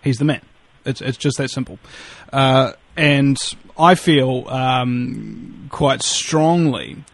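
A man's voice: mid-range voice, slow, creaky, no echo. A man with a New Zealand accent talking as a radio guest in a rambling, joking way, swearing freely and restarting his sentences often. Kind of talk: casual radio chat.

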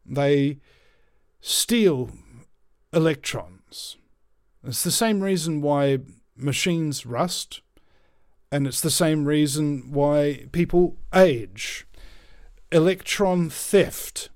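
A man giving an animated motivational monologue as a talk host. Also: on the high side, drawn-out words, dry recording, clean studio sound. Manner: animated storyteller, emphatic.

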